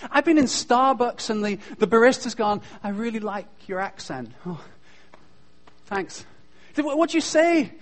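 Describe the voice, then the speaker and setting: British male school speaker, high-ish voice, jokey and self-mocking chapel talk. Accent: British English. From Britain. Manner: joking, self-deprecating, lively storyteller. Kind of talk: humorous chapel talk to students.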